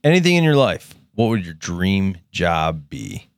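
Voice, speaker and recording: A man's voice: low voice, very animated, no echo, clean studio sound. Profane, chatty podcast co-host man. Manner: quick, profane reactions. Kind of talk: casual chat.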